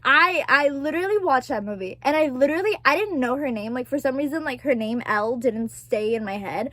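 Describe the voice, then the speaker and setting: A woman's voice: high-pitched, animated, brisk, a bit bright, no room sound. A woman in her twenties chatting casually as a vlogger, gushing and swearing freely, laughing often. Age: 20s. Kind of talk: casual chat.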